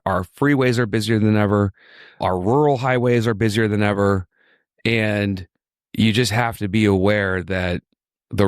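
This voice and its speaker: A low-voiced man from Virginia hosts a podcast, chatting with an easy, enthusiastic flow and circling back to repeat his points. The sound is dry and close, with no room around it. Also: no room sound. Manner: chatty, repetitive, enthusiastic storyteller. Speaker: injury lawyer, podcast host. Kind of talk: casual podcast chat.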